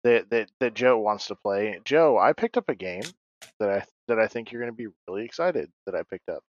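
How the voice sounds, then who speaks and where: A man's voice: fairly low pitch, brisk, lo-fi sound. A man co-hosting a casual gaming podcast, polite and stumbling over his words. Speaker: podcast co-host.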